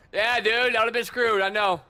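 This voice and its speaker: A young man streaming a game, talking casually and excitably, swearing and calling people bro and dude. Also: sits high, clean tone. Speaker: gaming streamer. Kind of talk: casual gameplay commentary.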